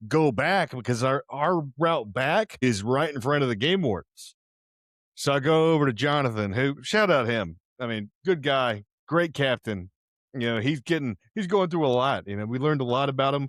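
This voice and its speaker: Telling a loose, slang-laden story on his podcast, a young Houston host speaks in a mid-range voice through a close mic. He has headphones on and is partly deaf in one ear, and the sound is clean studio audio without room sound.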